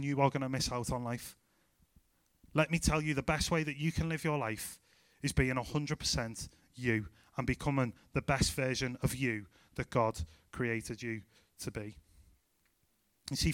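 Scouse guy preaching, really emphatic, bright clear voice, dry close sound. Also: on the high side, dry recording. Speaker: youth pastor. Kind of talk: sermon.

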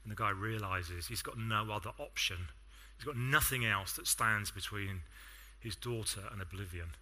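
A man's voice: on the low side, pushed and bright. A man with an English accent preaching a sermon, telling stories in a conversational way with self-deprecating asides.

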